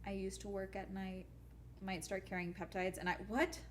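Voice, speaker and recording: A woman's voice: mid-range voice, flat delivery, normal speed, slight background noise. A young adult woman YouTuber chatting casually on a live stream while gaming, ranting bluntly and swearing often.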